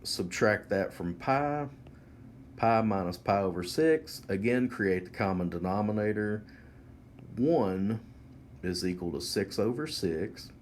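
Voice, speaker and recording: A man teaching a whiteboard math lesson, explaining each step slowly and methodically. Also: lowish voice, expressive, a little hiss or hum.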